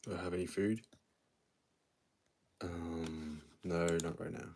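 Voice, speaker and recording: A young man hosting a casual livestream and reading out viewer comments, talking in a tired, quiet, low-key way. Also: fairly even intonation, slow, slight background noise. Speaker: livestream host.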